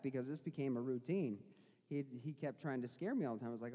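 A man's voice: medium pitch, expressive, quick pace, mellow, big-room sound. A young adult male pastor preaching a sermon, telling a family story before building to fervent preaching. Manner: storytelling, then rising preacher's fervor.

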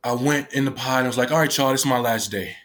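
A man's voice: mid-range voice, quick pace, fairly bright tone. Tearful man, rambling and swearing. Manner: rambling, peppered with "like" and "right?", swears freely. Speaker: vlogger telling a personal story. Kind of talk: casual emotional storytelling to camera.

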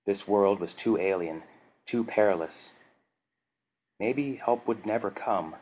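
Man, low voice, scripted narration, measured dramatic delivery. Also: darkish tone, breathy edge.

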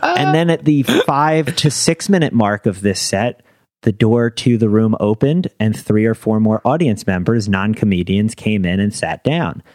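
A man's voice: fairly low pitch, expressive, a little slow, a little mellow, no room sound, studio quality. A young man, a stand-up comedian, telling stories in casual chat and laughing through his anecdotes.

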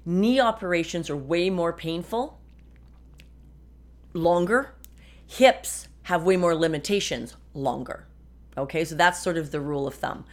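A woman in her fifties talks frankly into her podcast mic from her home desk. Her voice sits a little low, and her chatty delivery carries a dry, sarcastic edge. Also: moderate pace, hardly any pauses. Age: 50s. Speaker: podcast host. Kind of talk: casual personal monologue.

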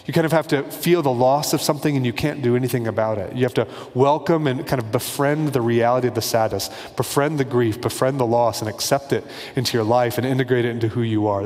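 A man's voice: mid-range voice, darkish tone. Conversational male preacher in a reverberant hall. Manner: conversational, acts out little dialogues. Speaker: pastor. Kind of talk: sermon.

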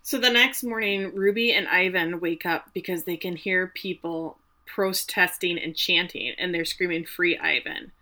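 A woman co-hosting a casual chat, retelling a film's story in an animated, emotional way. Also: fairly low pitch, normal speed, hardly any pauses. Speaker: podcast co-host recapping a film.

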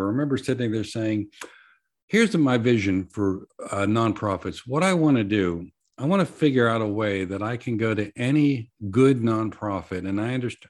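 A man as an interview guest, a nonprofit founder describing how he started his work in an earnest, measured storytelling manner with quoted dialogue. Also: fairly low pitch, a little mellow.

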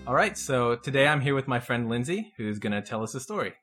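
A man's voice: mid-range voice, big pitch swings, brisk, over music. A man hosting a podcast, chatting casually with a guest and asking short follow-up questions. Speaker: podcast host. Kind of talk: casual interview chat.

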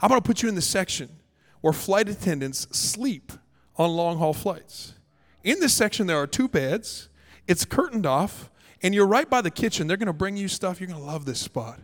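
A man voicing a polite, matter-of-fact female airline gate agent in a calm, flat tone. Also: high voice, normal speed. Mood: cheerfully polite. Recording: long hall reverb.

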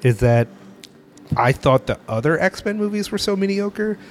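Animated man, slight noise. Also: sits high, a little slow. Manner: animated anecdote-telling. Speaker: podcast co-host. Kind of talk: casual chat.

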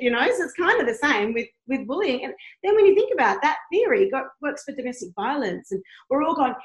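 A woman's voice: high-pitched, sing-song, fast talker, hardly any pauses, roomy sound, poor audio. A woman in her thirties, a blogger guest talking candidly in a podcast conversation, passionate and blunt, swearing freely. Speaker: guest, blogger who tours.

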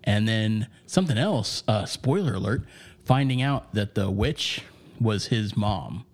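A man's voice: on the low side, animated, measured pace. A man on a movie podcast casually retelling scenes from an extended cut. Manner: laughs easily, retells scenes. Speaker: podcast co-host. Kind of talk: casual movie review chat.

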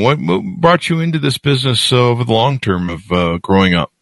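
A male host whose pitch moves up and down a lot as he runs an interview. The recording is dry and close, with no room sound, and he jokes at his own expense between questions. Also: sing-song, a little fast, few pauses, dry recording. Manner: jokey, self-deprecating banter. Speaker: show host. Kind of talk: casual interview conversation.

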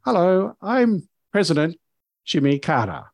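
A man voicing a shy foreign man with a high, squeaky voice who speaks in a halting, awkwardly polite way. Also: big pitch swings, creaky, a little mellow, no echo, studio quality, heavily acted. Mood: timid.

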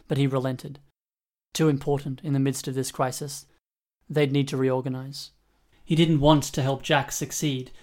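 Steady male audiobook narrator, even pitch.

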